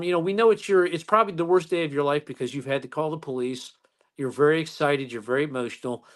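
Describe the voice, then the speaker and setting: Calm-talking man, a police officer. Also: a little high. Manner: calm, unhurried storytelling. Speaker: police officer, interview guest. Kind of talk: casual chat.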